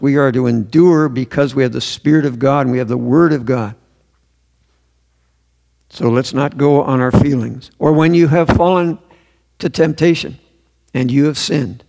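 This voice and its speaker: A man's voice: mid-range voice, gravelly, a little mellow. A man preaching a sermon in a church, earnest and emphatic, repeating his key phrases. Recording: long hall reverb.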